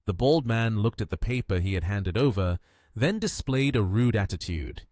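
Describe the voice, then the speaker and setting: A man's voice: on the low side, animated, normal speed, darkish tone, dry recording, clean studio sound. A man narrating a story recap in a scripted, storytelling way.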